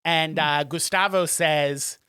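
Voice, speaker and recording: A man co-hosting a podcast, casually retelling a film plot in a rambling way, with many ums and quick acted-out quotes. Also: fairly high pitch, steady tone, sharp tone, clean tone, no echo, clean studio sound. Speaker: podcast co-host.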